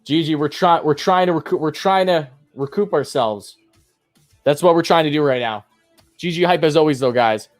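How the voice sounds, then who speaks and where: A man doing live play-by-play fan commentary, chatting with his viewers and swinging between calm pitch calls and loud outbursts. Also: normal speed, dry recording, soft background music.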